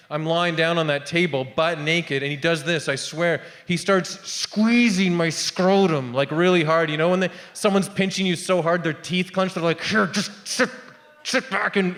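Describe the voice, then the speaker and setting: A man's voice: a little high, fairly bright tone. A man in his thirties performing a rambling stand-up comedy set, with asides to the crowd. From Canada. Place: theatre stage. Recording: long hall reverb of a theatre.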